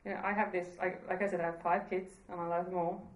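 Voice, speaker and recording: A woman's voice: fairly low pitch, level tone, fast talker, roomy sound, low-quality recording. A woman preaching a sermon in an earnest, conversational way, laughing at herself now and then.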